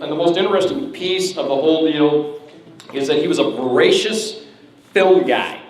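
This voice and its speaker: A man giving a joking, rambling roast speech at a birthday party, teasing his friends. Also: a little high. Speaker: roast speaker. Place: party hall with a crowd. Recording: echoey hall, far from the mic, noisy.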